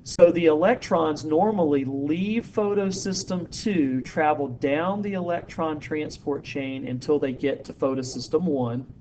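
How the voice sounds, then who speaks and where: A man teaching biology, explaining slowly and asking students questions, with some ums and uhs. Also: a little high, dark tone, slight background noise. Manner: uses fillers like um and uh. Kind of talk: recorded classroom lecture.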